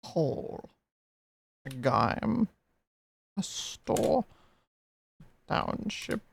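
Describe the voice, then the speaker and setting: A streamer playing a game live, calling out slow one-word guesses with long pauses between them. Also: mid-range voice, very animated, gravelly, slight background noise. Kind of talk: live-stream gameplay, calling out single words.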